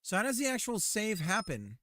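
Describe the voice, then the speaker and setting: A man's voice: sits high, wildly swooping pitch, moderate pace, pushed and bright, slight background noise. A man chatting casually on a live stream while building a game, joking, laughing often and reading error messages aloud.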